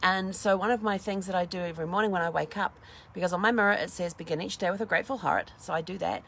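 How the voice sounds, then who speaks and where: A woman's voice: on the low side, fairly even intonation, quick pace, vocal fry, fairly bright tone, slight background noise. A middle-aged woman hosting a casual motivational talk, chatty and acting out little dialogues as she goes. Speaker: host.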